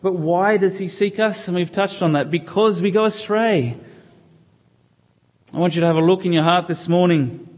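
A man's voice: sits high, normal speed, a little mellow. A man preaching a sermon in church, reading scripture aloud and pleading earnestly with the congregation. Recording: long hall reverb.

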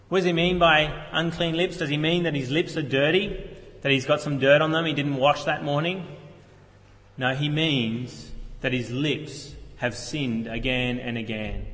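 A man's voice: fairly high pitch, pushed and bright, big-room sound. A man preaching a sermon as pastor, earnestly explaining a text with rhetorical questions, in a church.

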